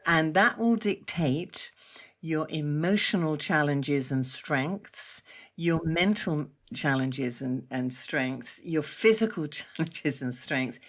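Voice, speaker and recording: Chatty low-voiced woman energy teacher. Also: slow. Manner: enthusiastic and chatty, laughing often. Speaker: energy medicine teacher, podcast guest. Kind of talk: explanatory interview talk.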